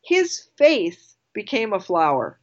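A woman guest telling a personal story in casual conversation, animated and quick to laugh, often restarting her sentences. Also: mid-range voice, muffled recording.

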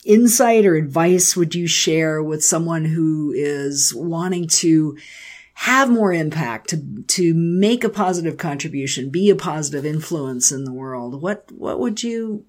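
A woman's voice: low voice, darkish tone. A woman hosting an interview, responding thoughtfully and asking her guest questions. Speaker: host. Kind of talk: interview conversation.

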